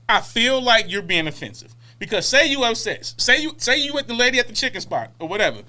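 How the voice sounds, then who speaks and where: A man co-hosting a casual comedy podcast, animated and laughing, acting out quotes. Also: very high voice, fairly quick. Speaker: podcast co-host.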